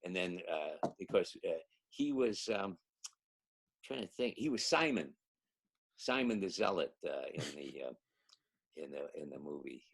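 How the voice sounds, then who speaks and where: Older male actor, husky low voice, animated anecdote teller. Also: measured pace, pauses often. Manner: animated storyteller, acts out quotes, laughs often. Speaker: actor guest. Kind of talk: anecdotal storytelling.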